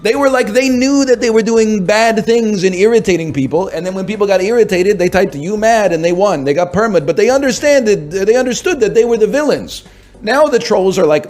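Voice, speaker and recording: Animated high-voiced man joking about trolls. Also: a little fast. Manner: animated, joking, slangy rant. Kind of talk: casual commentary clip.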